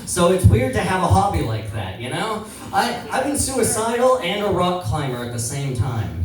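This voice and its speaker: Man, stand-up comic, rambling and self-deprecating, swears a lot, fairly high voice, distant echoey room. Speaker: stand-up comedian. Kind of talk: open-mic stand-up set with crowd work. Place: small comedy venue. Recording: echoey room from far off, crowd audible.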